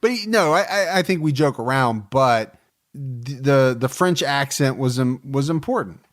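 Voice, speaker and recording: A man's voice: mid-range voice, lively intonation, moderate pace. Guy in his 40s on a true crime podcast, casual storytelling, jokes around, lots of uh and you know. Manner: storytelling, joking, many fillers. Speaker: podcast co-host.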